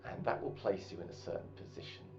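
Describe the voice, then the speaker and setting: A man voicing a secretive wealthy woman with an unblinking stare, speaking low and half whispered. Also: quick pace, close to an everyday voice. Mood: hushed, conspiratorial. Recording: muffled, with faint music.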